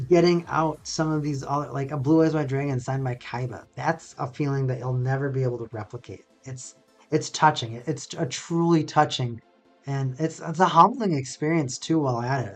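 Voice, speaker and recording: A laid-back, sarcastic streamer from North America, chatting casually and rambling on a live stream. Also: mid-range voice.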